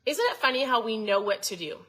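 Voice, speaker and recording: A woman's voice: a little high, animated, fast talker, a bit bright, low-quality recording. A woman in her thirties hosting a casual motivational talk, chatty and coaching, often asking her viewers questions. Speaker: host.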